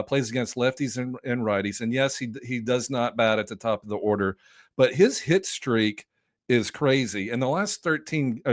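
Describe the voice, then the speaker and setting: Guy guesting on a podcast, loose and excited, dry close sound. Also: medium pitch, dry recording. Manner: loose and enthusiastic, many fillers and restarts. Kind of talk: casual podcast chat.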